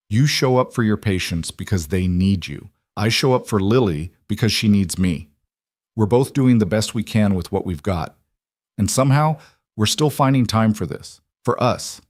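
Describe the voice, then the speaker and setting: A man voicing a steady, protective single father who runs his own business, speaking calmly and reassuringly. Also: fairly low pitch, normal speed, no echo, studio quality. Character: steady single dad, tradesman, calm and protective.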